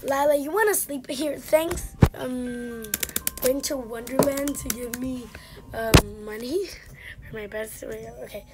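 Woman host, high voice, unhurried delivery, live gameplay commentary over game music, excitable and teasing. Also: very noisy. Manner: excitable and chatty, mock-teasing game characters. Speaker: gaming channel host.

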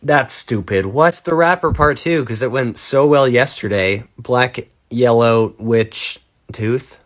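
A man in his twenties giving a casual comedic monologue, sarcastic and rambling, jumping between loud outbursts and muttered asides. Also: medium pitch, slow pace. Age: 20s. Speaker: comedy creator.

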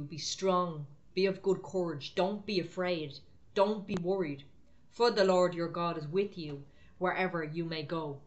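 Lower-voiced woman preaching a sermon. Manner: exhorting, firm, conversational.

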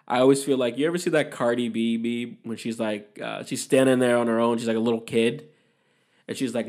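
In a solo podcast episode, a young man talks through his opinions in a loose, rambling, casual way, with free profanity. He has a middle-pitched voice that's steady, brisk and a little mellow.

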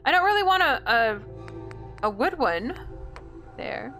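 Bright-voiced woman musing through gameplay. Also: high-pitched, sing-song, unhurried, soft background music. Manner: chatty, thinking aloud, indecisive. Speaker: gameplay video host. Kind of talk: casual let's-play commentary.

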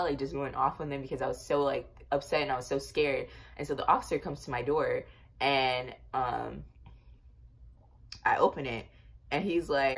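A young woman casually telling a storytime tale to her viewers, chatty and animated, with lots of fillers. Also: low-pitched, fairly quick, gravelly. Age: young adult. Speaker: vlogger.

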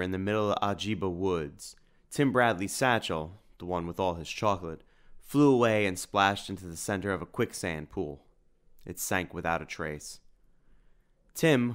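A man reads an audiobook aloud with a lively, dramatic delivery. His voice sits low and deep. He tells the story with expressive energy. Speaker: audiobook narrator.

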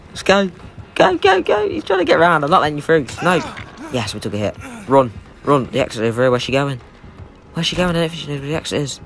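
A young man riffs through his own gameplay, his pitch leaping about as he yelps, teases and swears at the other player. His voice is otherwise mid-pitched and casual, with a faint hum in the background. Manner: excitable, swearing, jokey trash talk at the game. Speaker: gaming YouTuber. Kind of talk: live gameplay commentary.

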